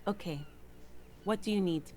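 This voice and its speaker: An actress voicing a timid young woman gardener in a video game, speaking in a soft, hesitant way. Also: mid-range voice, moderate pace, slight background noise, natural voice. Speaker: gardener character.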